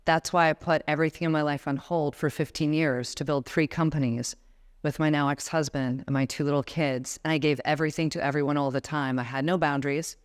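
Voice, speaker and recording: Woman, 40s, motivational speaker at a live conference, smooth clear voice, coaching the room through exercises. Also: low voice, fairly even intonation, a little fast. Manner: coaching, guides the audience through breathing exercises. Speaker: guest speaker. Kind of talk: motivational talk to a live audience. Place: conference room before a seated audience.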